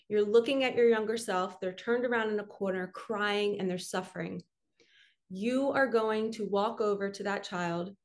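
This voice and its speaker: A woman spiritual coach giving an earnest, emotional guided healing talk straight to her viewers. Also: mid-range voice.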